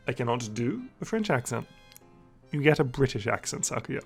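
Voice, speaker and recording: A let's player giving casual gameplay commentary in a chatty, wry way, thinking out loud. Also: mid-range voice, brisk, husky. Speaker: let's play host. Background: faint game music.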